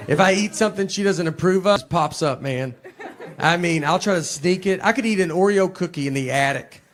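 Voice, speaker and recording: A man doing a stand-up set, telling stories in a deadpan, rambling way and often restarting his sentences. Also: sits high, fairly quick, a faint crowd. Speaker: stand-up comedian. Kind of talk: stand-up set before a laughing audience.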